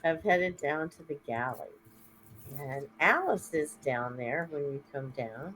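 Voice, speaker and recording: A woman narrating as game master of a tabletop game, setting scenes with wry, unhurried remarks. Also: sits low, lively intonation, fairly bright tone, slight background noise, poor audio.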